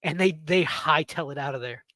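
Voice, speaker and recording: Chatty, high-voiced man. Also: normal speed, sharp tone, no echo. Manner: rambling, self-interrupting storyteller. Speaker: podcast host. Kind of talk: casual storytelling chat.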